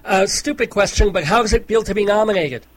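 A man's voice: high voice, fairly quick, rough recording. A man hosting an interview, asking questions in an upbeat, enthusiastic way. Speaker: interviewer, host. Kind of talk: casual interview.

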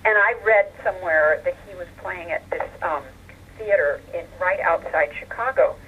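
A woman's voice: lowish voice, normal speed, a little hiss or hum. An older woman telling stories from her childhood as a guest in a phone interview, chatty, with many fillers. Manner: chatty storyteller, warm laughs, many fillers. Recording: tinny phone line.

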